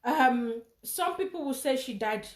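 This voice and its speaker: A middle-aged woman speaks with a high voice in a heartfelt, emotional way and keeps repeating her own phrases. She is addressing an event. The sound is echoey, as if the room is reverberant. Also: animated, measured pace. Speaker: mother speaking at a charity event. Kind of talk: emotional personal speech.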